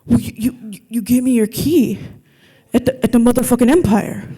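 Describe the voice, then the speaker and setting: A dim-witted young thug, as a woman puts him on, stammering over every phrase and repeating himself. He talks loudly and bluntly in a fairly high voice for a man. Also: moderate pace, husky. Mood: confused.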